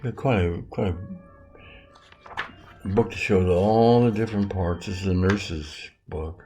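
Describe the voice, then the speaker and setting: A man in his seventies giving a rambling, halting spiritual lesson, often correcting himself. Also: low voice, warm tone, faint music behind. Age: 70s. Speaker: self-styled metaphysics teacher.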